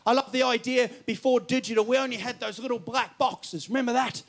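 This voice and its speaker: A man's voice: very high voice, fairly quick. A man doing stand-up with a New Zealand accent, telling a story and acting out the voices of the people in it. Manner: animated storytelling, acts out voices for laughs. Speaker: stand-up comedian. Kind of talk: stand-up routine. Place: comedy club stage with live audience. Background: audience laughter.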